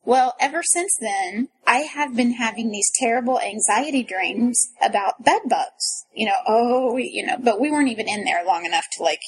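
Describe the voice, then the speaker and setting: A woman in her thirties with a noticeably breathy, husky voice pitched a little high. She tells a long personal story in casual chat, animated and breathless, tripping over restarts as she goes. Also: normal speed, few pauses, poor audio. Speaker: guest storyteller.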